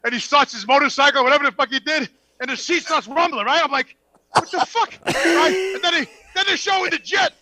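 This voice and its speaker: Podcast guest, male, high and tense-voiced, recorded dry, swearing and acting out every line of the story. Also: brisk, dry recording, rough recording. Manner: profane, animated, acts out dialogue. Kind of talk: casual storytelling.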